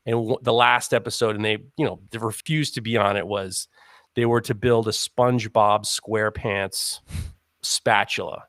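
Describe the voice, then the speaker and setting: A man's voice: lowish voice, fairly even intonation, moderate pace, fairly bright tone, dry recording, clean studio sound. A man co-hosting a live podcast in casual chat, rambling as he sets up questions and acts out what others might say. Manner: rambling, acts out quotes in funny voices. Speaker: podcast co-host asking questions.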